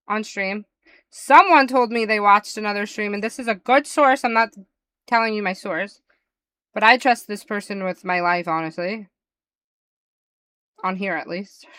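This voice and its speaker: A woman live streamer telling gossipy stories to her chat in an animated, casual way. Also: mid-range voice, clear, resonant tone, no echo.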